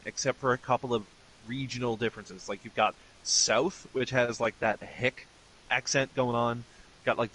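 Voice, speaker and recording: A man's voice: lowish voice, a bit bright, a little hiss or hum, low-quality recording. A middle-aged man streaming games, ranting bluntly and swearing freely in casual commentary. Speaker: gaming streamer. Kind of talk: casual commentary over gameplay.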